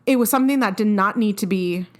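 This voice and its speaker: A woman's voice: mid-range voice, fast, darkish tone. A young woman co-hosting a podcast, talking frankly and firmly about parenting in casual chat with fillers. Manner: frank, firm, chatty with fillers. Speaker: podcast co-host.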